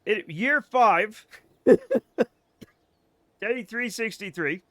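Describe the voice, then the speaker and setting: A man's voice: high-pitched, very slow, sharp tone, dry recording. A man with a faded Boston accent, joking and swearing through casual gameplay commentary on a live stream and laughing often. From Boston area.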